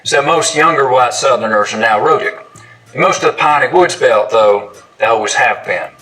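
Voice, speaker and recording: A man's voice: medium pitch, moderate pace, pushed and bright, soft background music, poor audio. A man, an accent expert, giving scripted educational narration and modelling sounds and words aloud.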